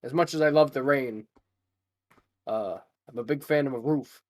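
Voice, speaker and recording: A man's voice: medium pitch, dry recording, close to an everyday voice. A man playing a polite young adventurer. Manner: polite, halting.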